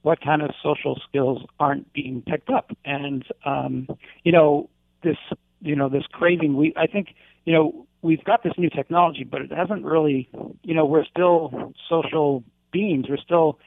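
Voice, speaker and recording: A man's voice: on the high side, fairly even intonation, a little slow, gravelly, no room sound, narrow, tinny audio. A male teacher talking earnestly in a casual interview, rambling with lots of fillers.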